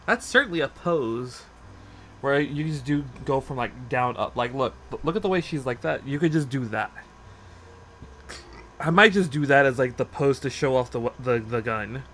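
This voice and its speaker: A man's voice: mid-range voice, normal speed, a bit bright, slight background noise. A man streaming casually from his home desk, rambling and teasing his cat while he chats. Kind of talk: casual live-stream chat.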